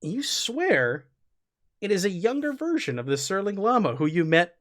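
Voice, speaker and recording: A man's voice: high voice, big pitch swings, moderate pace, crowd noise. A man narrating as game master of a tabletop game, describing scenes loosely with many fillers.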